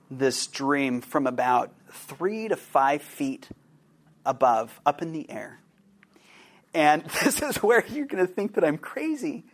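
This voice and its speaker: Male podcast host, slow-paced personal storyteller, hesitant delivery full of restarts. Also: on the high side. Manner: halting, with frequent fillers and restarts.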